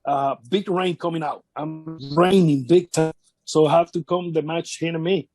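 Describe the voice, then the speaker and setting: Faint music plays behind a man with a high, darkish voice as he tells wrestling stories in a casual shoot interview. His intonation stays fairly even, and he halts, repeats words and performs other people's quotes.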